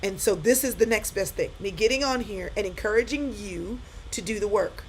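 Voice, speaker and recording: A middle-aged woman gives a live-stream pep talk, speaking straight to her viewers and repeating her points with emphasis. Her voice is mid-range at a normal speed, and the low-quality recording carries a little hiss or hum.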